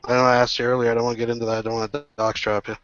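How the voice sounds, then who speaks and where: A man's voice: medium pitch, little pitch movement, very fast, fairly bright tone, clear, resonant tone. Teasing man, muffled call audio. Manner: teasing, blunt swearing. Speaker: guest in online hangout. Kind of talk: casual chat.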